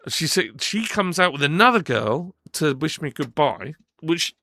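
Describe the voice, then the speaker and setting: A man spins a personal story on a podcast, his voice gravelly with a bright, forceful edge. He acts out every exchange and trips over his own restarts as he goes. The sound is close and dry. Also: a little high, unhurried, no room sound. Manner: animated storyteller, acts out quoted dialogue, frequent restarts. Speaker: podcast co-host. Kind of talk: casual storytelling chat. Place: podcast studio.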